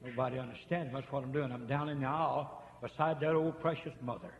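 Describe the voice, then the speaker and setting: A man preaching a holiness sermon, telling folksy stories and swinging from hushed pleading to shouting. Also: medium pitch, fairly quick, few pauses. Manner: folksy storytelling. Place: church sanctuary. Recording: muffled echoey church tape, faint hiss.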